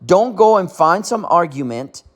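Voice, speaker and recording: A man's voice: sits high, animated, measured pace. A man giving a ranting commentary, indignant and repetitive, often asking "okay?". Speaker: channel host.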